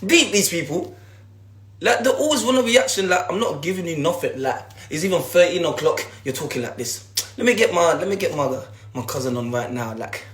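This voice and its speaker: A man's voice: on the high side, lively intonation, fairly quick, fairly bright tone, slight background noise. A young man, hosting a casual livestream and ranting at viewers in repetitive slang, talking into a phone. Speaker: livestream host. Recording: echoey room.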